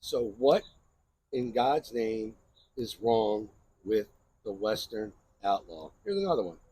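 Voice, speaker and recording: Male host, husky voice, casual rambling knife review. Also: lowish voice, lively intonation, takes it slowly, warm tone. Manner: chatty, rambling, keeps asking "right?". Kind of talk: casual show-and-tell review.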